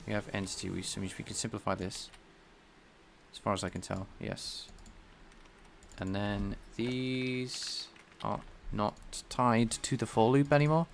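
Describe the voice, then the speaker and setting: A man's voice: lowish voice, fairly even intonation, a little slow, gravelly, slight background noise. A man live-streaming his programming work, thinking aloud in a casual, rambling way and chatting with viewers. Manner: rambling and self-deprecating, chatting with viewers between tasks.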